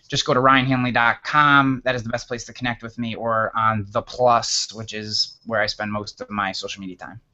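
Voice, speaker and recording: A guest author in his thirties from upstate New York tells a story in a casual interview, animated and often restarting his words. His voice is mid-range and the sound is lo-fi.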